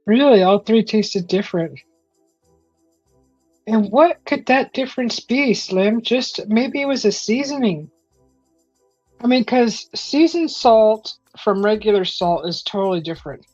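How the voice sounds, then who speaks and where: A woman hosts a live stream in a loose, casual storytelling way, jumping into the voices of the people in her anecdotes. Her voice sits at an ordinary middle pitch. The audio is a little muffled, with soft music playing underneath. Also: a little slow. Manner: animated, acts out quoted voices. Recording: slightly dull stream audio with faint music.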